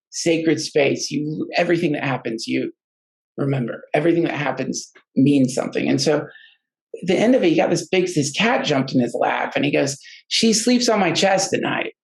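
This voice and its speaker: A man's voice: on the high side, gravelly, rough recording. A man telling a personal story in a casual, rambling way, often stopping and restarting his sentences. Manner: halting and rambling, many restarts. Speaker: guest storyteller.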